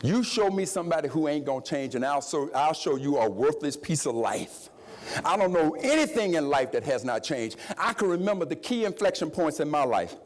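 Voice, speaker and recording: A middle-aged man from Mississippi, giving an impassioned keynote speech, preacher-like, swinging from shouts to low confiding tones. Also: animated, fairly quick. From Jackson, Mississippi, US. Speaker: keynote speaker.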